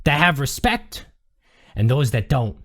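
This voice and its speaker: A man's voice: medium pitch, sing-song, unhurried, a bit bright, dry recording, studio quality. A man voicing a brash middle-aged woman diner waitress, folksy and pushy, calling everyone sweet cheeks. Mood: gossipy.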